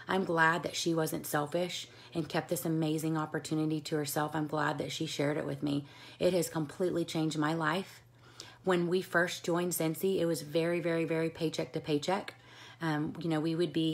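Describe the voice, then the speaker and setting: A woman's voice: low-pitched, level tone, moderate pace, gravelly. A woman who directs a direct-sales team, giving an earnest motivational talk to her team and repeating key phrases for emphasis.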